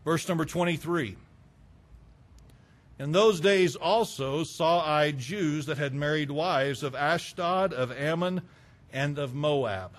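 A man preaching a sermon, fervent and emphatic, breaking into loud bursts. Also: fairly high pitch, takes it slowly.

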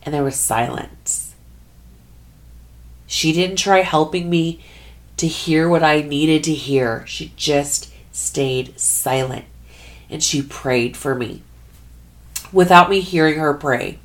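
Slow, low-voiced woman giving earnest testimony. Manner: earnest, searching for words. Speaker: Christian speaker. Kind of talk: personal faith testimony.

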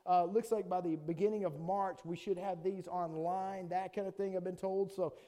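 A man preaching a sermon to a congregation in a casual, animated way, acting out quick voices of people. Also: sits high. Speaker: pastor.

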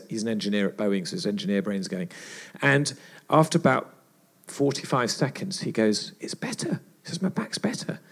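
A man's voice: medium pitch, creaky. A man giving a sermon at a church retreat, telling a story and acting out the voices in it. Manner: animated storyteller acting out dialogue. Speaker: retreat speaker.

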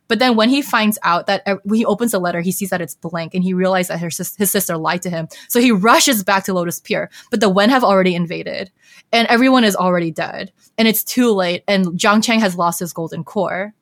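A young woman chatting through a story recap, full of "like" and quick restarts. Her voice sits in an ordinary middle register. It is recorded dry and close, with no room sound around it. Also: mid-range voice, a bit bright, no room sound. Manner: chatty, heavy use of filler "like". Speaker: podcast host.

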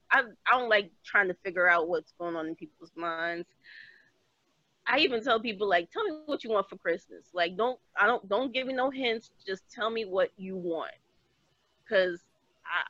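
A woman's voice: medium pitch, dry recording, muffled recording. A woman on a podcast panel chatting casually, acting out little exchanges as she talks. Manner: animated storyteller, acts out quoted exchanges. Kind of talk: casual chat.

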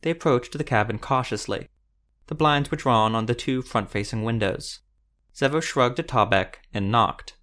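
A man narrating a fantasy audiobook in a steady, even storytelling manner. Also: mid-range voice, normal speed.

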